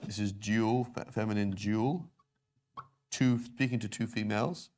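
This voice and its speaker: A man with a lowish, darkish voice teaches Arabic verb conjugation in class, keeping a steady tone and measured pace. Working at a whiteboard, he explains patiently and keeps asking "right?" and "okay?".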